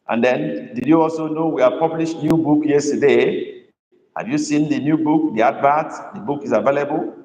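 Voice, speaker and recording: Man tutoring in an echoey room. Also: medium pitch. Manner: slow drawn-out dictation, lively praise. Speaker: language tutor. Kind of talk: live online language class. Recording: echoey room with long reverb.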